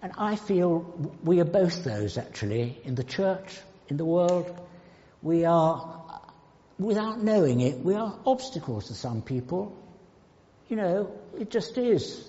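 A man preaching a sermon in a church, slow and emphatic, with sudden loud outbursts and hushed asides. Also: on the high side, very animated. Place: church hall. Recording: dull sound with long hall reverb.

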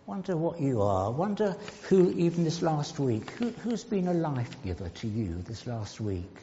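A man preaching a sermon in a church, slow and emphatic, with sudden loud outbursts and hushed asides. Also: fairly high pitch, big pitch swings, a little hiss or hum. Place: church hall. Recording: dull sound with long hall reverb.

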